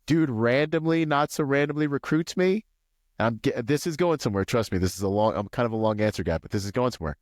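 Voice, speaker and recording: A man from Washington State, a podcast guest, telling a long personal story in a rambling, animated way full of "like" and "you know.". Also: fast, dry recording, studio quality. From Washington State, USA. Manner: acts out quoted voices with pitch jumps. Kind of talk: casual storytelling interview.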